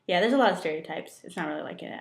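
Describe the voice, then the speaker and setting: A woman's voice: fairly low pitch, rapid-fire, creaky. Giggly young woman telling a rambling story. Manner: giggly, rambling, full of fillers. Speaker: co-host. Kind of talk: casual chat and storytelling. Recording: roomy echo.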